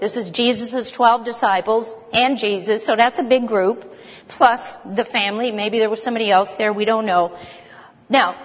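A woman's voice: a little high, big-room sound. A woman teaching an informal Bible study in a chatty, conversational way, with joking asides to her group.

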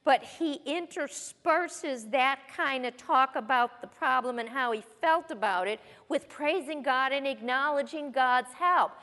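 A woman's voice: high voice, a little slow, few pauses, pushed and bright. A woman giving a folksy, conversational Bible teaching in a church hall, mixing scripture readings with personal stories. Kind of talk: sermon-style Bible teaching.

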